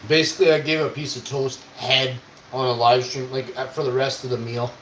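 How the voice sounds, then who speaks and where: A man's voice: mid-range voice, level tone, fairly quick, a bit bright. A young man from Canada who streams, telling a rambling casual story, swearing and acting out quoted voices. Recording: echoey room with faint noise.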